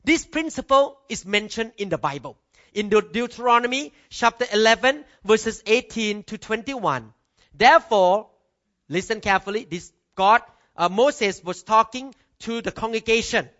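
A man's voice: high voice, animated, moderate pace, pushed and bright. A middle-aged male pastor, preaching emphatically and punctuating points with "Amen.". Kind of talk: sermon. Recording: dull lo-fi recording.

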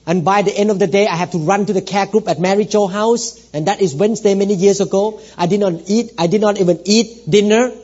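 A man with a notably high voice preaches a sermon to his congregation, earnest and personal. He drops to hushed storytelling, then rises into loud exhortation, asking for amens. The recording is dull and lo-fi. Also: brisk, few pauses, slightly rough. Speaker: pastor.

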